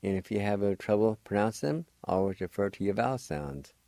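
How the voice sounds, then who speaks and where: A man hosting a radio language lesson, patiently spelling words out letter by letter and sounding out syllables slowly, repeating each one. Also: on the low side, expressive, gravelly, mellow, no room sound.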